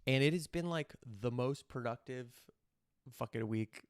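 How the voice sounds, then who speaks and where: Smooth-voiced man hosting a casual podcast. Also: mid-range voice, unhurried, no room sound, studio quality. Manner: rambling and candid, with casual swearing. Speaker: podcast host. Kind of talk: casual chat.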